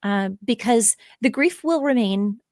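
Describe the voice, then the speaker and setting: A woman author being interviewed on a podcast, speaking in a gentle, measured and thoughtful way. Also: a little high, animated, no echo, clean studio sound. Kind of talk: reflective interview conversation.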